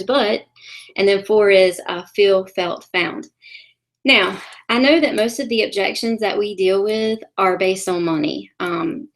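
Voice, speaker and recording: A woman talks her sales team through a training call in a middle-pitched voice. She sounds loose and conversational, drops in plenty of ums, and keeps nudging her listeners along with encouragement.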